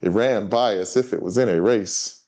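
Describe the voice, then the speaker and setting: A man's voice: fairly low pitch, normal speed, warm tone, natural voice. A man reading aloud a cheerful little girl in a children's story, his voice a bit raised.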